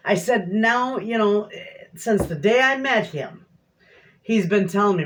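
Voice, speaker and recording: A woman's voice: lowish voice, sing-song, a little slow. A middle-aged woman chatting casually to viewers in her home kitchen, a rambling, folksy storyteller. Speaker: homestead cooking vlogger.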